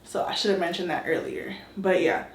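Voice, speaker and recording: A woman chatting casually through her hair-washing routine as a vlogger, candid and relaxed. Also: lowish voice, a little fast, roomy sound. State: out of breath. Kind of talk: casual vlog talk. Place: bathroom shower.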